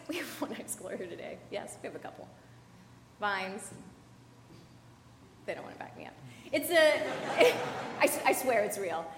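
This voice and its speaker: A woman's voice: mid-range voice, a little hiss or hum. A young adult woman pastor giving a conversational sermon, chatty, with fillers and asides to the congregation. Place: church sanctuary. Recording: echoey church hall.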